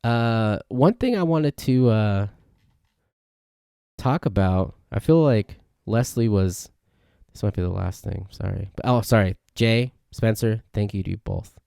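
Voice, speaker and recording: The host of this solo podcast speaks unhurriedly in a low, dark, resonant voice that is clear and a bit creaky. He wanders through rambling, self-correcting stories, captured dry and clean on a studio podcast mic.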